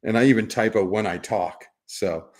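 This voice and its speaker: This middle-aged man hosts a casual livestream, reading his chat aloud and rambling and teasing it with lots of chuckles and repeated words. His voice sits on the low side and is a little mellow, at a normal speed, with a faint hiss or hum behind it.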